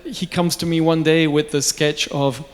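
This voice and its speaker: A man, a watch brand founder, telling lively, jokey anecdotes at a press conference. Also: a little high, moderate pace. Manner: lively, jokey, with asides and laughs. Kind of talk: anecdotal storytelling. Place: event venue. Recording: long reverb in a large space.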